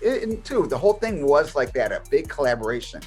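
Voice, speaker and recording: A man telling a story as an interview guest, casual and lively, acting out what others said. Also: on the high side, fairly quick, slightly rough, soft background music. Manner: animated, acts out others' quotes. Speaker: interview guest, martial artist.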